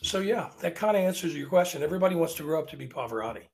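Gravelly-voiced man telling stories. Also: on the high side, very fast. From Virginia, USA. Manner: chatty, animated, often restarts sentences. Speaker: opera singer guest. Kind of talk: casual interview storytelling.

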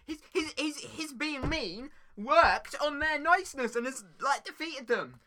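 A giggly woman improvising a silly story, tripping over her words. Her voice is very bright and swings up and down a lot, pitched a little high. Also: expressive, a little slow.

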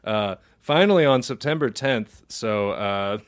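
A man's voice: lowish voice, lively intonation, a little slow, clean tone. A man co-hosting a comedy podcast, telling a story in a rambling way, laughing often and acting out quoted voices. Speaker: podcast co-host. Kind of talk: casual comedic chat.

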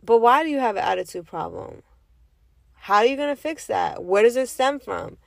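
A woman's voice: on the high side, expressive, moderate pace, vocal fry, dry recording. A woman giving a casual, emphatic monologue, firing off rhetorical questions and now and then cursing. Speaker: vlogger giving opinions.

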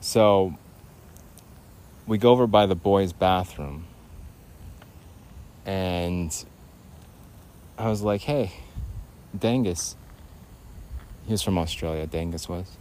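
A man's voice: low voice, slow, long pauses, darkish tone, slight background noise. A man rambling through a nostalgic comic story in a podcast, correcting himself as he goes and breaking into laughter. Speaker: comedian host.

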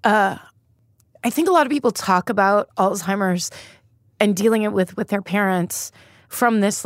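A woman's voice: medium pitch, normal speed, no echo. Female comic guest, candid and profane, mid-range voice, gallows-humor storytelling, dry studio sound. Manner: frank and profane, laughing through grim stories. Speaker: comedian guest.

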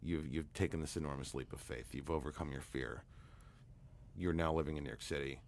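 A man, a hypnotherapist guest, telling a long anecdote in a relaxed, rambling way with many fillers. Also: extremely low pitch, a little fast, slight background noise. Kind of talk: storytelling interview talk.

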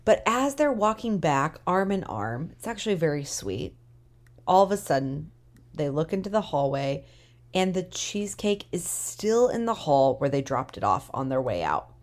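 Low-voiced woman recapping an episode. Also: normal speed. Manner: animated storyteller, emphatic opinions. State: tired, yawning. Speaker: podcast co-host. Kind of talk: casual TV rewatch recap.

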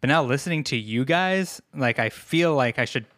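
Chatty guest from Long Island. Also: male voice, medium pitch, lively intonation, moderate pace, a bit bright, dry recording, studio quality. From Long Island, New York. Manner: self-deprecating, chatty. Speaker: podcast guest. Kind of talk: casual podcast chat.

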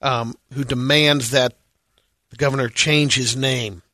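Man with a bright dry voice. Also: mid-range voice, steady tone, measured pace, no room sound. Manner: reads odd news bits, dry setups. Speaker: radio show co-host reading news items. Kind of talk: casual banter and news reading.

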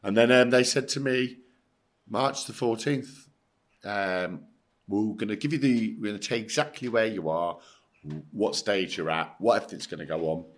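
Speaking at a moderate pace, a middle-aged English ex-footballer with a very deep, low voice chats as a podcast guest in a laid-back, talk-show manner. He's blunt and emphatic, curses openly, and performs the voices of those in his tale.

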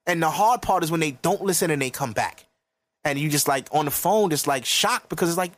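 A man's voice: a little high, lively intonation, fairly quick, no room sound. A man in his early thirties hosting a podcast, giving blunt, profane advice in an emphatic, lecturing rant. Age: 30s. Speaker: podcast host.

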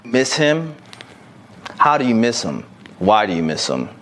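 A man co-hosting a casual podcast, reading out a listener's message and giving blunt, animated advice with plenty of swearing. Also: medium pitch, a little slow. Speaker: podcast co-host.

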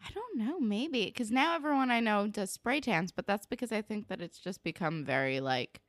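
A woman's voice: medium pitch, expressive, no room sound. Young woman from New Jersey, podcast co-host, rambling casual recap, medium voice, dry close mic. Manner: chatty, lots of "like" and "um", quick asides. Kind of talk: casual chat recapping a TV episode.

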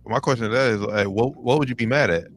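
A man co-hosting a casual sports podcast, laid-back and halting, often repeating his words. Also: medium pitch, slight background noise. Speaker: podcast co-host.

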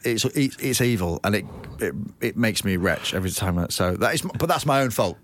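Rambling, low-voiced male comedian telling stories. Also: animated, brisk. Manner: rambling anecdotes with lots of acted-out reported speech and swearing. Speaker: comedian guest. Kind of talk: casual storytelling chat.

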